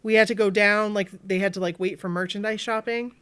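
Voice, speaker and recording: A woman from Maine co-hosts a podcast, telling a long, animated story in casual chat and voicing the people in it with bright acted-out quotes. Her medium-pitched voice is brisk and clean, with no room sound.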